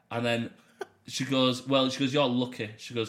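A man's voice: mid-range voice, fast. A young man, telling stories in casual podcast chat and swearing freely. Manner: animated storyteller, swears freely. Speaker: podcast host.

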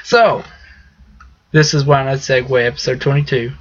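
A man's voice: mid-range voice, fairly even intonation, moderate pace. A man co-hosting a comedy podcast, running an improv game in a loose, giggly way. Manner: giggly, loose, breaking into laughter. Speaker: podcast co-host. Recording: dull lo-fi sound with faint hiss.

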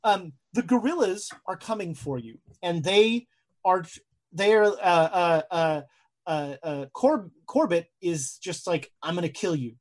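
A woman narrating a horror tabletop game as game master, slow and dramatic, with halting fillers as she searches for words. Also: on the low side, animated, darkish tone.

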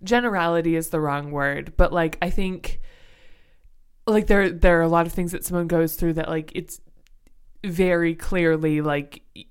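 A woman's voice: on the low side, steady tone, normal speed, smooth. A young adult woman co-hosting a book podcast, talking casually and thoughtfully, searching for words with many fillers.

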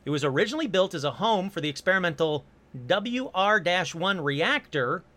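A man hosting a casual storytelling monologue, animated and joking, with quick asides and apologies. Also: high voice. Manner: animated, jokey asides, puts on silly voices briefly. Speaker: host.

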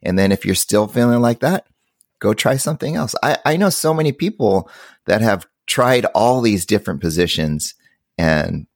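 Guest teacher, male, deep voice with lively swings, dry close sound, upbeat and chatty. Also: moderate pace, no room sound. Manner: upbeat, laughs often, chatty. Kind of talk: casual podcast chat.

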